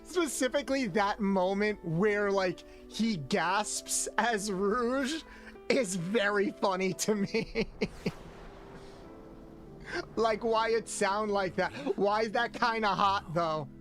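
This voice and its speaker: A man's voice: high-pitched, slow, fairly bright tone. A man streaming a video game, chatting playfully with his viewers in a loose, rambling way. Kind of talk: casual gameplay commentary. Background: faint game music.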